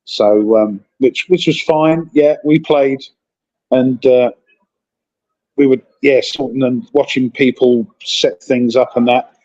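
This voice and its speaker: A man's voice: medium pitch, fairly even intonation, slow, a little mellow, muffled recording. A man in casual chat, telling rambling stories while calling in from a convention hotel. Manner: rambling, chatty storytelling.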